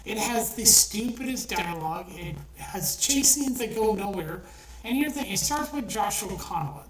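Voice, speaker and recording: This is a casual film review delivered as an exasperated rant by a woman with a mid-range voice, who swears often, speaks bluntly, and keeps restarting. The room echoes, she's somewhat distant from the mic, and there's faint background noise.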